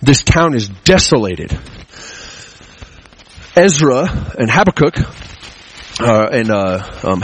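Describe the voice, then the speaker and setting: Here a man delivering a sermon as guest preacher leads in with a casual story from his own life, rambling, backing up, and chuckling as he veers between excited and quiet. The voice is medium-pitched and a bit rough, captured in a rough recording.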